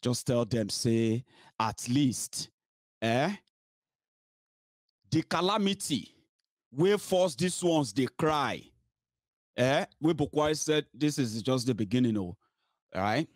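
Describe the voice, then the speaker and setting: A man's voice: medium pitch, lively intonation, slow, long pauses, no room sound. A man with a Nigerian accent delivers heated political commentary in a mocking, scolding tone. He slips into pidgin and Yoruba as he talks. The recording is dry and close, with almost no room sound.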